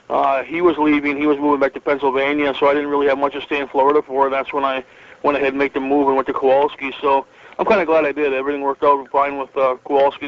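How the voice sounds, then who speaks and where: A man's voice: mid-range voice, muffled recording. A middle-aged man from northern Michigan, a retired wrestler telling stories as an interview guest, rambling with many fillers and restarts and chuckling often. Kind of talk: relaxed storytelling interview.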